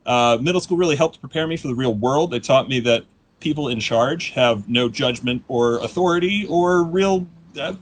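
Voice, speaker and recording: A man in his thirties doing a live stand-up set, rambling and self-deprecating with deadpan asides. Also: mid-range voice, moderate pace. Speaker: stand-up comedian. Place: comedy stage before a live audience.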